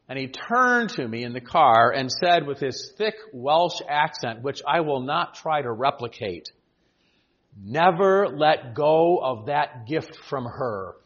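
Older guy pastor in his 60s reading his farewell speech, measured and earnest, bit of gentle humor, muffled lo-fi sound. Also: a little high. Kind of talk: reading a prepared farewell address to a congregation.

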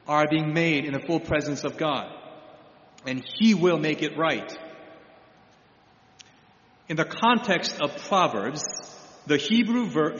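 A man preaching a teaching sermon as a pastor, explaining slowly and often restarting his phrases. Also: fairly high pitch, a bit bright. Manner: explanatory, halting with repeated restarts. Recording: echoey hall, dull lo-fi sound.

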